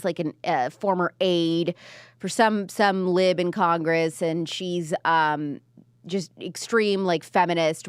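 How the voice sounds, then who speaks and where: A woman's voice: on the low side, dry recording, clean studio sound. A woman in her twenties hosting a political commentary show, talking casually and rambling with lots of "like" and "um". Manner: chatty, rambling, heavy use of "like" and "um".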